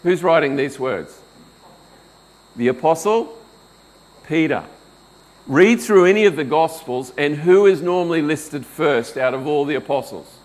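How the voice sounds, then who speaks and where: A middle-aged man preaching a sermon, unhurried and deliberate, asking his listeners questions and answering them. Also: fairly high pitch, animated, a little mellow, poor audio. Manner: slow, deliberate, rhetorical questions. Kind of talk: expository sermon.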